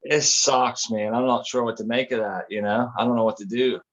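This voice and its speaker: A man's voice: mid-range voice, fairly even intonation, brisk, slight background noise. A man hosting a casual live stream, chatting in a laid-back, rambling way and laughing at his own stories. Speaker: host. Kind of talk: casual livestream chat. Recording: dull lo-fi stream audio.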